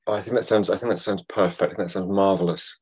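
Guy guesting on a podcast, kinda husky, gentle and chatty. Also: low-pitched, steady tone, quick pace. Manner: gentle, chatty, laughs easily. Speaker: guest, law of attraction and yoga teacher. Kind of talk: casual podcast chat. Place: studio.

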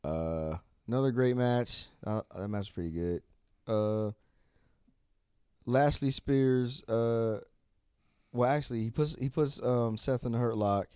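A man co-hosting a podcast, casually recapping wrestling shows and acting out the wrestlers' lines in quick voices, swearing now and then. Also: mid-range voice, warm tone, smooth, dry recording, studio quality. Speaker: podcast co-host.

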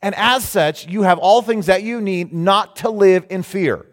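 A man preaching a sermon as pastor, lively and animated, rising into loud mock cries of alarm now and then. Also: sits high, measured pace. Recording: long hall reverb.

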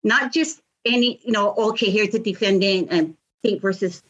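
A woman's voice: mid-range voice, moderate pace, husky, dull audio. A middle-aged woman, telling her story in an interview, earnest and impassioned, often repeating words. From Hawaii. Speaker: victims' advocate, guest.

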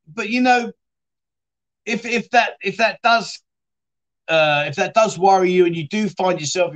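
A chatty livestream host whose voice sits a little high for a man, with a fairly bright tone. His talk is loose and unscripted as he rambles, reads out viewer comments, and drops in "mate."

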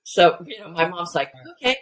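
A woman guest telling family anecdotes in a casual, animated way, full of restarts and fillers. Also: on the low side, normal speed, low-quality recording. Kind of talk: casual storytelling chat.

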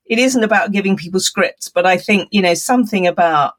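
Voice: mid-range voice, brisk, hardly any pauses, a bit bright. An expert guest in a conversational interview, explaining at length in a thoughtful, rambling way.

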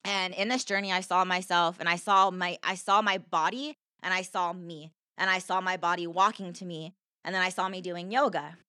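A woman's voice: lowish voice, steady tone, moderate pace, pushed and bright, clear, resonant tone, dry recording, studio quality. A woman telling her personal story as a podcast guest, earnest and heartfelt, with lots of "like" fillers. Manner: earnest, heartfelt, heavy use of "like".

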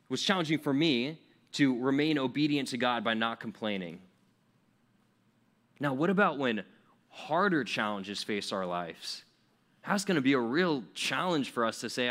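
Preaching to teens in a relaxed, chatty way, this young man has a medium-pitched, fairly bright tone. He mimics grumbling remarks, complete with fillers and restarted phrases.

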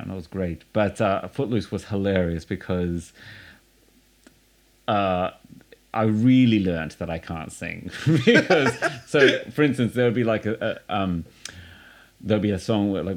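A man with a low voice hosts a relaxed conversation. He tells stories with energy and acts out what other people said. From Australia. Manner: animated storyteller, acts out quotes. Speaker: podcast host. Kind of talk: casual chat.

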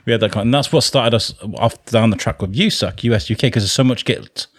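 A man's voice: mid-range voice, fast talker, no echo, clean studio sound. A man hosting a podcast, chatting casually with frequent laughs and restarted sentences. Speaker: podcast host. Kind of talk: casual chat.

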